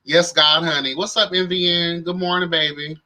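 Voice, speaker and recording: Sassy bright-voiced male recap host. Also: a little high, moderate pace, rough recording. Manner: sassy, campy, animated with slang and exclamations. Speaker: reality show recap host. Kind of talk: casual live-stream commentary.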